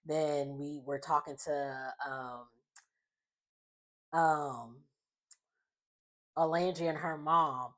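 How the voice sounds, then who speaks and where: A woman with a low voice casually retells a reality show episode. She rambles, trails off into fillers and laughs a lot as she goes. Her delivery is loose and chatty, like talking to a friend. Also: steady tone, very slow, long pauses. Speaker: reality-show recap vlogger. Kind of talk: casual chat recap.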